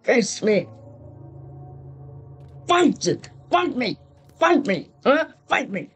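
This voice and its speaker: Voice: medium pitch, very animated, extremely slow, full character voice. A performer voicing a timid, easily frightened man in a fan-made game role-play, crying out and pleading with lots of repetition. Faint music plays underneath. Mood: defiant. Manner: frantic cries and pleading, repeating himself. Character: timid young adult plumber man, jumpy and easily scared.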